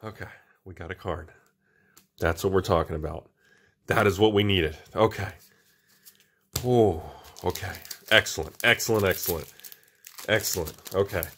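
A man hosting a casual card-unboxing video, talking to viewers as he opens packs, excitable and repeating himself. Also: deep voice, moderate pace, long pauses. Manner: excitable, repeats words, often addresses viewers as everybody. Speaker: channel host opening card packs.

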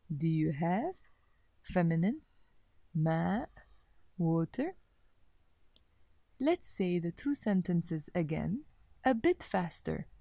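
A woman giving a recorded Arabic language lesson, speaking deliberately and repeating each word for the learner. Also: lowish voice, warm tone, dry recording. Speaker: Arabic teacher.

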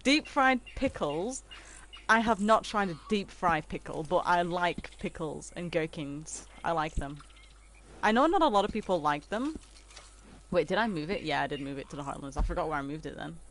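A woman's voice: on the low side, expressive, moderate pace, a bit bright, slight background noise. A woman, chatting casually with viewers on a game stream and laughing easily. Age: 20s. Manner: chatty and giggly, reading out and answering chat.

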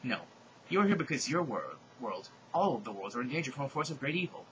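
A man voicing a solemn mystical male guide who speaks in low, hushed, drawn-out pronouncements. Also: sing-song, highs cut off, a little hiss or hum.

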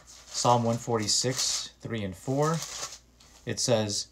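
A man preaches an informal sermon in a medium-pitched, slightly bright voice, speaking slowly with vocal fry and long pauses. Earnest and exhorting, he reads scripture and urges repentance, rising now and then to emphatic bursts.

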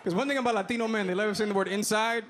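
Crowd laughs and club noise surround this Dominican stand-up as he talks very fast, his high voice keeping fairly even intonation. His delivery is loose and conversational, with asides aimed at the audience.

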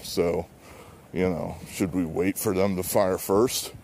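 Low, slow, blunt-talking man. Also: level tone, gravelly, darkish tone, a little hiss or hum. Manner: blunt, rambling, with profanity and many fillers. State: slightly out of breath from walking. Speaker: political vlogger. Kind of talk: rambling political commentary while walking. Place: outdoors on a neighborhood walk. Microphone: handheld phone.

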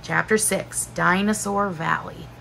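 A woman teacher narrating a children's book aloud in a slow, expressive storytelling manner. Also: fairly low pitch, vocal fry, a little hiss or hum, rough recording.

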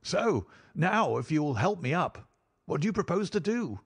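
A man's voice: on the high side, big pitch swings, normal speed, breathy edge, no echo, voice pushed up, full character voice. A man voicing a terrified young nobleman just saved from attack, breathless and pleading. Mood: recovering.

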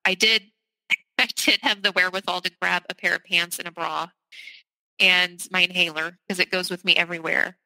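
A woman's voice: on the low side, steady tone, normal speed, creaky, bright, forceful tone, no room sound, poor audio. A middle-aged woman from the South, a podcast guest candidly and urgently recounting a personal story. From American South.

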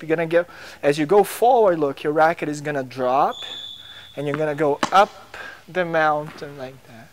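A man's voice: a little high, normal speed, slight background noise. A man coaching young players on a tennis court, encouraging them with short drill commands.

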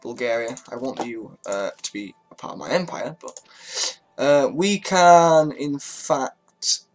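A man's voice: medium pitch, slow. A man giving casual, chatty commentary on a strategy game, swearing freely and talking to his units as he moves them. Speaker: gaming YouTuber.

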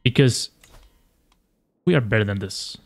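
A young man casually commentating his strategy game, animated and taunting, swearing as he plays. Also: fairly low pitch, unhurried, gravelly. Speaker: gaming YouTuber.

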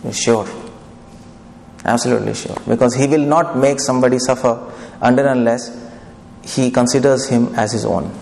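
A man's voice: medium pitch, steady tone, normal speed, creaky, darkish tone. A man giving a devotional lecture, chatty and often asking the audience questions. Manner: conversational, asks the audience questions. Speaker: preacher. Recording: echoey hall, faint background noise.

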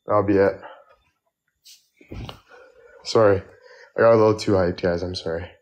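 A man chatting on a live stream, joking around loudly and bantering with his viewers. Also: low-pitched, fairly even intonation, measured pace, poor audio. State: out of breath. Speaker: livestreamer. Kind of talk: casual live-stream chat.

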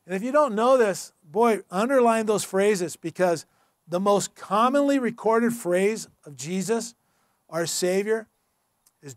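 High-voiced preaching pastor. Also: male voice, expressive, a little slow, no echo, clean studio sound. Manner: earnest, emphatic, conversational preaching. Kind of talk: sermon. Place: church.

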